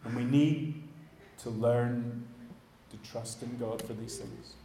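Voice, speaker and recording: Pastor preaching in an echoey hall. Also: male voice, medium pitch, fairly even intonation, takes it slowly, warm tone. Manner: conversational, addresses the congregation directly. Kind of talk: sermon. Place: church hall.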